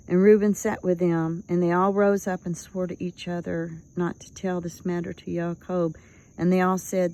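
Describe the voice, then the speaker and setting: A woman's voice: lowish voice, little pitch movement, normal speed, a little mellow, low-quality recording. A woman reading aloud from a religious text, with earnest, dramatic emphasis on the quoted speech. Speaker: scripture reader.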